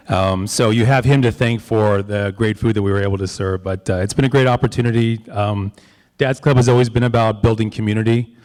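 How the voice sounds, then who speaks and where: Man at a school forum, lowish voice, relaxed and joking, reverberant hall. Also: fairly quick. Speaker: board committee chair. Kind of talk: presenting at a school member forum.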